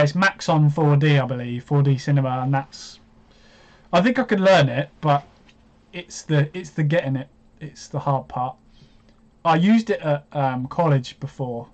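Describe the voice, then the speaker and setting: Guy streaming a live watch-along, bit higher voice, lots of ums then gets all excited, muffled home mic. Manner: chatty, hesitant, bursts into excited reactions.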